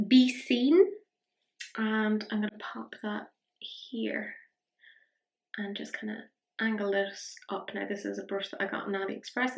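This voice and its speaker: A young woman talks through her makeup look in a chatty, self-mocking way, slipping into whispers as she blends. Her voice has a gravelly fry to it. The room rings with noticeable echo. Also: on the high side, a bit bright. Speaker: beauty vlogger. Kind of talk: casual makeup tutorial chat.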